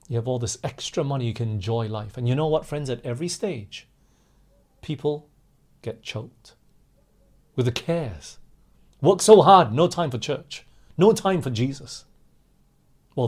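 A man's voice: mid-range voice, darkish tone. A man preaching a sermon with impassioned, rising and falling emphasis, addressing his listeners as friends.

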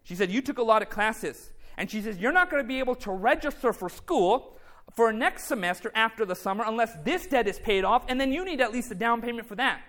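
A man with an unusually high voice delivers a testimony sermon. He tells his story through back-and-forth dialogue and now and then calls out to the congregation for a response. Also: animated, a little fast, a bit bright. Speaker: speaker giving a faith testimony.

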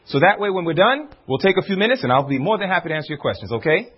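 Husky, lively man preaching a sermon. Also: high-pitched. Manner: animated preaching, rhetorical questions, drawn-out emphasis. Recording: dull lo-fi recording.

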